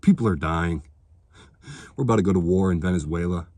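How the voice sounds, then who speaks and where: Low-voiced male vlogger, fired-up and foul-mouthed, sarcastic rant, dead-dry room. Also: a little fast, mellow, no echo. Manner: heated, profane, sarcastic. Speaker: political vlogger. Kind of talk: ranting monologue to camera.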